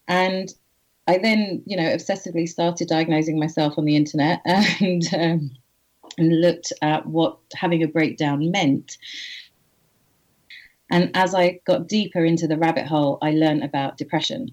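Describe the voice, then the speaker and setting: A woman guest on an interview, candidly telling a personal story in an earnest, halting way with frequent restarts. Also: sits low, fairly even intonation, a little mellow. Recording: slightly muffled audio.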